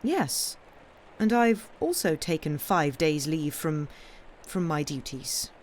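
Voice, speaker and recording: A woman's voice: deep voice, animated, slow, a little hiss or hum. A woman voicing a capricious, insistent woman in wartime, speaking in an unsteady, fluttering, faltering way. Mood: teasing.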